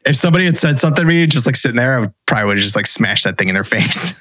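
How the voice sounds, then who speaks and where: Animated, swearing man telling stories. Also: mid-range voice, very fast, dry recording, studio quality. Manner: animated storytelling, swears freely, laughs often. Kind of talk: casual chat.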